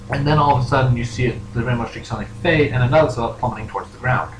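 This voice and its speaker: A young man narrating as game master for a tabletop role-playing game around a table. He sounds relaxed and chatty and laughs easily. The recording carries a noticeable room echo and steady background noise. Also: mid-range voice, very fast. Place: room at a table with other players.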